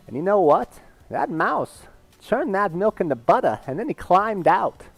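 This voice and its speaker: A man doing a halting, emphatic celebrity impression. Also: sits high, sing-song, creaky, no room sound, pitched above the performer's own voice, exaggerated voice. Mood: earnest. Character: impression of a famous actor as a menacing then fatherly man.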